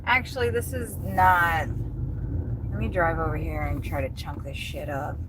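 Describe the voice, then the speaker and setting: A delivery driver livestreams from inside her car, rambling casually in a low voice with fairly even intonation at normal speed. She swears now and then, and the car interior is noisy.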